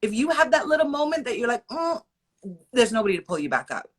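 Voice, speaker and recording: A woman guest in a casual interview, talking in an animated, slangy way and telling stories with playful quoted voices. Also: on the high side, racing, slightly rough. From half Indian, half Sudanese heritage. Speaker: interview guest, curve model and actor.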